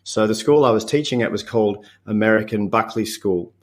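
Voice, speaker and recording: A man in his fifties with an Australian accent, a podcast guest talking in a relaxed, reflective way with frequent chuckles and halting restarts. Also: fairly low pitch. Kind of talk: casual interview chat.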